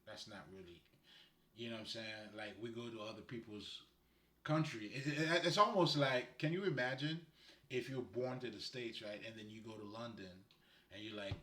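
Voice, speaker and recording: This spiritual guide from Haiti is very animated, his mid-range voice bright and forceful at a moderate pace. He rambles casually, laughing frequently as he gives guidance, in a space with a roomy echo.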